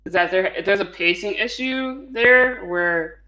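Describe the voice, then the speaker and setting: A man's voice: sits high, measured pace, pushed and bright, highs cut off. A man chatting casually as a podcast co-host, rambling with many fillers and frequent laughs. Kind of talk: casual chat.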